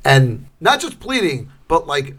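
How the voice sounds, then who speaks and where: Animated middle-aged man, higher voice. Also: measured pace. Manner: animated, acts out scenes in loud shouting bursts. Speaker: podcast co-host. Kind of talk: casual chat.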